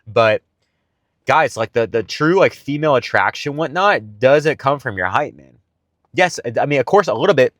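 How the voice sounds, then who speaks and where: A man's voice: mid-range voice, animated, normal speed, fairly bright tone, dry recording, studio quality. A young man giving blunt, profane, buddy-style dating advice in a casual vlog pep talk, calling his listeners bro and guys.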